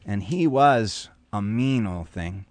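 A pastor telling a dramatic story on a radio program, animated and full of repetition. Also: male voice, on the low side, slow, no room sound.

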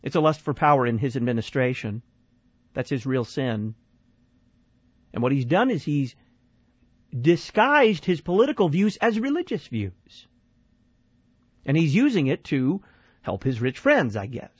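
Animated radio talk host. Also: male voice, mid-range voice, moderate pace, pauses often, slightly rough, dry recording. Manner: animated, questioning, repeats phone number. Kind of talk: call-in radio commentary. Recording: dry, slightly dull studio sound.

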